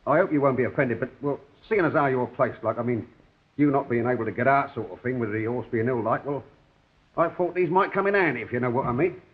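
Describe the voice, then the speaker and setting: A man's voice: mid-range voice, quick pace, natural voice. An actor playing a shy, kindly rag-and-bone man who stammers and hesitates, in 1960s sitcom style. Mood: hesitant. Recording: tinny old television audio.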